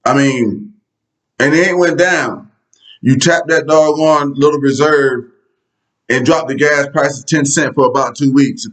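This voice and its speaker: Over a rough recording, a man with a fairly bright, mid-range voice talks at normal speed. As a political commentary vlogger, he addresses viewers directly in a casual rant that's blunt, sarcastic and full of profanity.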